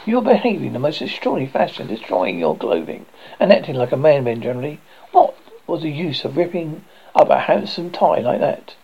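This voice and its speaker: A man reading a calm, teasing midnight visitor. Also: on the high side, brisk, vocal fry, slight background noise. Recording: dull lo-fi recording.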